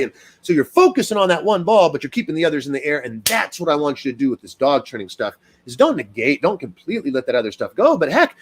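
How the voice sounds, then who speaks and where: A male dog trainer chats live with his viewers, fired up and animated, with lots of fillers. His voice sits a little high and swings widely in pitch. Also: slightly rough. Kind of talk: casual live-stream talk to viewers.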